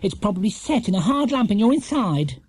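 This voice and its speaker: Stern, brisk storybook housekeeper, a male reader putting her on: high, bossy, husky. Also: very animated, a little mellow, dry recording, heavily acted.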